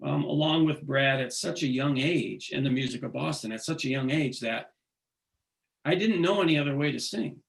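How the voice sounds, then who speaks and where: A man being interviewed, talking earnestly and haltingly, often restarting his sentences. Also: mid-range voice, gravelly. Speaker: singer, interview guest. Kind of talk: casual interview conversation.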